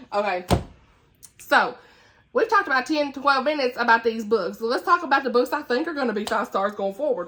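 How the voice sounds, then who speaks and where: Southern woman book vlogger, chatty and laughing, bright and forceful voice, a little high. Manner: chatty and laughing, with folksy asides. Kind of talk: casual chat.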